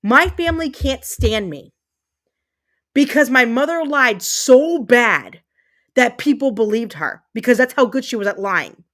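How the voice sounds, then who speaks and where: High-voiced woman ranting heatedly. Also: expressive, a little slow, fairly bright tone. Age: 30s. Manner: emphatic, repetitive, heated, swearing. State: fuming. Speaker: livestream host. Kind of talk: angry livestream rant.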